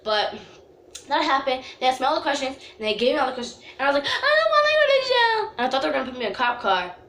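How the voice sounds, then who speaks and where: A young woman telling a storytime vlog, chatty with lots of "like", dramatically reenacting herself wailing in a high voice. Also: racing, fairly bright tone, echoey room. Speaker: vlogger.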